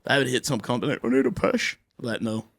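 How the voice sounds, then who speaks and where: Fast-talking man, animated and crude. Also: medium pitch. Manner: rapid, animated, swearing, acts out the people in his stories. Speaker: podcast co-host. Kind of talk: casual chat.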